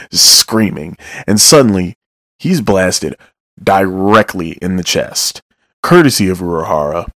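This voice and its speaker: A man's voice: sits low, expressive, measured pace, fairly bright tone, dry recording, studio quality. A man giving a loose, joking recap of manga chapters, with casual asides and some swearing.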